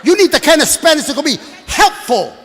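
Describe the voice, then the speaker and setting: A man in his sixties doing a stand-up comedy set, brashly working the crowd and shouting at the audience from a stage. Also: extremely high pitch, big pitch swings, a little fast. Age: 60s. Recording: live hall with long reverb, faint room noise.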